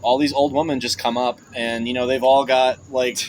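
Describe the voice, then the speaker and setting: A man's voice: medium pitch, level tone, moderate pace, a little hiss or hum, rough recording. A young man, a podcast guest, chatting casually and telling jokey stories with frequent laughs. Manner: joking storyteller, laughs often. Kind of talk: casual chat.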